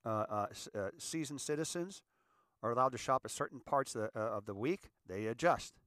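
A middle-aged man from California holds forth in a loose, wandering monologue, now and then acting out other people's lines. His voice sits at an everyday pitch and is heard close up in a dry, dead room. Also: fairly quick, no room sound. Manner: rambling, animated, acts out little scenes. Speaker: host. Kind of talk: casual monologue.

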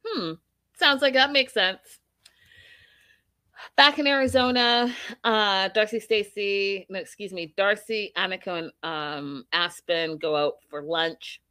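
A woman's voice: unhurried, dry recording. A woman hosting a reality TV recap, talking casually and acting out quotes from the episode. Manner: chatty, animated, acts out quotes with rising pitch. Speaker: podcast host reviewing reality TV.

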